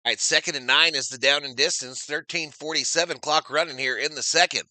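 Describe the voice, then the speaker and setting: A man doing energetic live play-by-play of a football game on his stream, stopping to read and answer viewer chat. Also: a little high, fairly quick, no echo. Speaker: live stream sports commentator.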